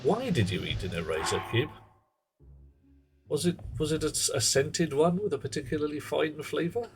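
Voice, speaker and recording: A man's voice: fairly high pitch, sing-song, moderate pace. A man streaming a game live, rambling through wry, chatty asides to his viewers. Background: game music.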